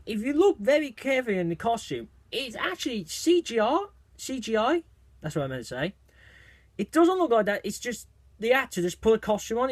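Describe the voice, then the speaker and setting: A man with a fairly high voice talks through a movie trailer in a casual video review. He gets excited and rambles, circling back and restarting his sentences. The sound is close and dry, with no room around it. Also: dry recording.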